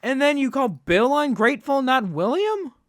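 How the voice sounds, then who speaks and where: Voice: high voice, sing-song, normal speed, dry recording, clean studio sound. A reaction video host ranting indignantly, with heavy swearing.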